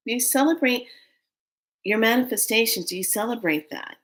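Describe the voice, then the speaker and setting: A woman chatting excitedly as she gives a spiritual card reading, often repeating words for emphasis. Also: fairly high pitch, normal speed. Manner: animated and excitable, breaking into whispers and laughs.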